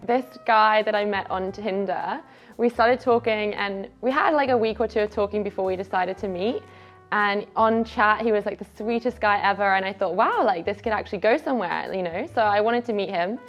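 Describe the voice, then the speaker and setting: A quick-talking woman tells a lively story about a date, her words tumbling out. The recording is slightly dull, with faint music underneath. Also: mid-range voice. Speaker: interviewee.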